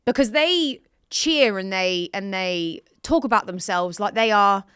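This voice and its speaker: A woman's voice: mid-range voice, a little slow, fairly bright tone, clear, resonant tone, no echo, studio quality. A young woman hosting a casual football chat, chatty and opinionated. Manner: chatty, opinionated, often laughing and hedging. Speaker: show host.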